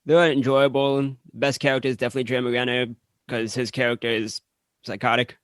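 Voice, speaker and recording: A young man co-hosting a casual movie podcast, talking in a relaxed, measured way. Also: mid-range voice, no room sound. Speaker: podcast co-host. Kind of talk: casual film review chat.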